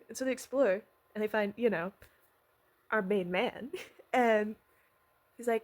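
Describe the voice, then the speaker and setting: Rambling, excitable woman vlogger. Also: medium pitch, a little slow, pauses often. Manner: rambling, excitable, swears and laughs. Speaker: vlogger recapping a miniseries. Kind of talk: casual rambling recap.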